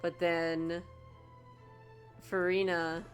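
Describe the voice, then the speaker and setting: Excitable woman streaming a game. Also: on the low side, very slow, soft background music. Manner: excitable, gushing, stammering fan. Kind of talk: casual game stream commentary.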